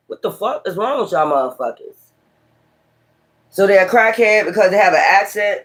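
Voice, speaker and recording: His voice sits high and a bit bright, with lively intonation and a moderate pace. The man, a tarot reader with a Brooklyn accent, uses his casual livestream reading to rant profanely and combatively at critics.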